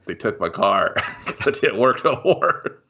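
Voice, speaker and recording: A man chatting casually about a movie, laughing often and tossing in quick jokes. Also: on the low side, big pitch swings, vocal fry, sharp tone, husky. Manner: laughs a lot, quick jokey quips. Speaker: podcast co-host.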